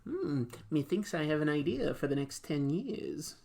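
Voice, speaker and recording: A man's voice: fairly high pitch, big pitch swings, a little slow, creaky, darkish tone, full character voice. A man doing an impression of a male film studio executive, musing pompously in old-fashioned phrasing.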